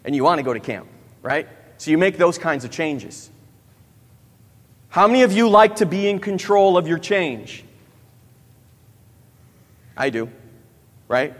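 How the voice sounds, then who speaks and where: This man's voice sits on the high side with big swings in pitch, and he speaks a little slowly with long pauses. He's a youth pastor in his thirties giving a sermon, asking the audience questions and tacking "right?" onto many lines, all under long hall reverb.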